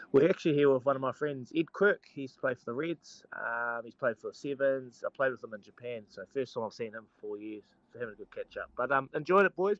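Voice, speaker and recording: A man's voice: medium pitch, no room sound, dull audio. A man, calling in from a holiday resort to tell a story in casual banter, often laughing mid-sentence. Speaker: sports radio regular calling in from holiday. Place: holiday resort abroad, remote call.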